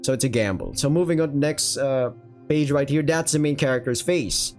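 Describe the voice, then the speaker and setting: A man's voice: medium pitch, moderate pace, darkish tone, faint music behind. A young man giving casual, rambling manga commentary at home, swearing freely and filling gaps with filler words. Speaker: manga reviewer. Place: home room with windows.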